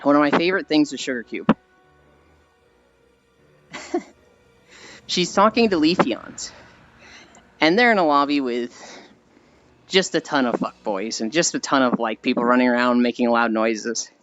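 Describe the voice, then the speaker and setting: A streamer rambles through stories in a loose, chatty way, sighing often and sounding tired and sweaty from walking. The voice sits in a middling pitch. The stream audio is a bit dull, with faint music underneath. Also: measured pace, long pauses, a bit bright. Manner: chatty storyteller with frequent tired sighs. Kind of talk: casual rambling chat while walking on stream.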